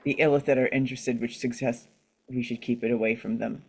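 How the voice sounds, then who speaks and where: A man speaking as a player in a tabletop game, thinking aloud in a measured way. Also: medium pitch, steady tone, vocal fry, a little mellow, slightly rough, low-quality recording.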